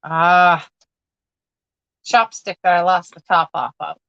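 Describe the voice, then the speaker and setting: A woman's voice: on the low side, steady tone, slow, a bit bright, no room sound, dull audio. A woman chatting casually to viewers while sorting through a box of odds and ends, rambling and laughing at herself. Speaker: crafting vlogger. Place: at home.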